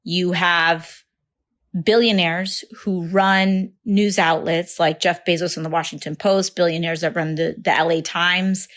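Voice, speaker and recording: A woman speaking about politics in a slow, deliberate manner. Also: on the low side, a bit bright. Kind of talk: political statement.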